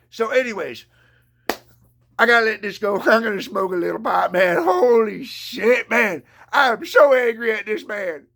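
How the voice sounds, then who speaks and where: A man's voice: extremely high pitch, creaky, bright, forceful tone. A man on a live stream ranting with profanity and mockery, sometimes talking about himself in the third person. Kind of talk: angry live-stream rant.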